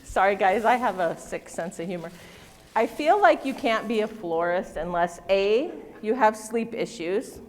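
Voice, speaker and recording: A middle-aged woman presents a floral demonstration on stage at a mid pitch. She is chatty and self-deprecating and jokes easily with the crowd, and her voice carries a long reverb from the hall. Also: expressive, a little slow, a little mellow, a little hiss or hum. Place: stage in a large convention hall.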